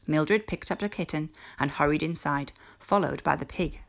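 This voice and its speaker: A woman teacher reading a children's book aloud in a clear, measured storytelling voice. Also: sits low.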